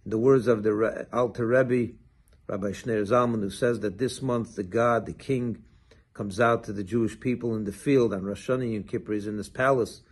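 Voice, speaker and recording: Husky-voiced man telling a sermon story. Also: fairly low pitch, moderate pace. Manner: animated storytelling, acts out quoted dialogue. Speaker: rabbi.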